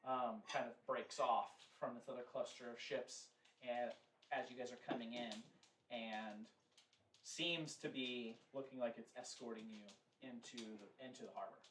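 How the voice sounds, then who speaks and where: A man's voice: mid-range voice, fairly even intonation, normal speed, fairly bright tone. A man narrating a tabletop game as game master, rambling with filler words and casual swearing, recorded from afar in an echoey room with some noise. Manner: rambling, profane, laughs easily. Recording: roomy echo, distant mic, background noise.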